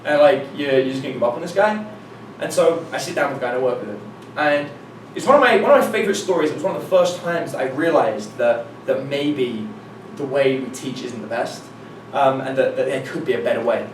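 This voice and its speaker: A man's voice: mid-range voice, expressive, fairly quick, slight background noise. Guy doing a seminar talk, tells stories and acts out the dialogue, swears casually, roomy echo, heard from across the room. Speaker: dating coach giving a presentation. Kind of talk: live seminar talk with anecdotes. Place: meeting room with an audience. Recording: echoey room from a distance, faint ambience.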